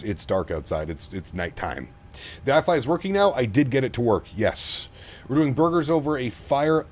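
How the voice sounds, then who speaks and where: A man's voice: mid-range voice, darkish tone. Chatty man streaming a flight sim. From Canada. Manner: greets viewers by name, reads chat aloud; talks through cockpit setup steps. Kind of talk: casual live-stream commentary.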